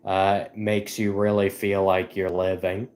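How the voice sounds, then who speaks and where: A man's voice: deep voice, level tone, measured pace, a little mellow. Rambling, giggly male live streamer. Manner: rambling, self-deprecating, giggly. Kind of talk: casual live-stream chat.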